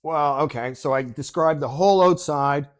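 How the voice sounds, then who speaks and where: A man's voice: fairly high pitch, moderate pace. A man hosting a podcast, telling a story in casual chat, acting out quoted dialogue with frequent laughs and swearing. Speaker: podcast host.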